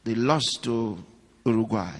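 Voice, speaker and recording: Here a male pastor preaches at a measured pace to a congregation that is present, alternating between elevated, high emphasis and soft, low-pitched storytelling. He puts questions and side remarks to the audience, and long hall reverb colors the recording.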